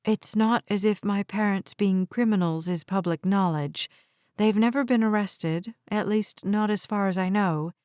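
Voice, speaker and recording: A woman narrator voicing a young woman with a deadpan, teasing way of talking. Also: medium pitch, measured pace, smooth, no room sound, clean studio sound, close to an everyday voice. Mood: wry.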